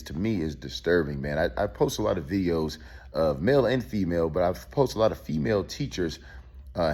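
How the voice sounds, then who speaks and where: A man's voice: low voice, darkish tone, breathy edge. A male host talking through a case in loose casual commentary, with many fillers and restarts.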